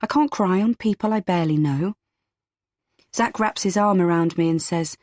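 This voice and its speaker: A woman narrating a first-person story in a steady, low-key way. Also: normal speed, no echo, studio quality. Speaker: audiobook narrator.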